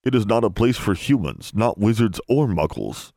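A man's voice: on the low side, big pitch swings, moderate pace, vocal fry, warm tone, dry recording, studio quality, voice pushed up, heavily acted. A man voicing a grave male elf who speaks formally in broken grammar. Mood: solemn.

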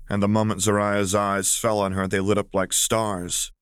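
A man reading a fan fiction audiobook in a measured storytelling manner. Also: on the low side, little pitch movement, clean tone, dry recording, clean studio sound. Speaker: audiobook narrator.

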